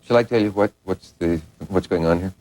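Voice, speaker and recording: A man's voice: deep voice, a little fast, a little mellow, low-quality recording. A man hosting a talk show, asking playful, teasing questions in casual chat.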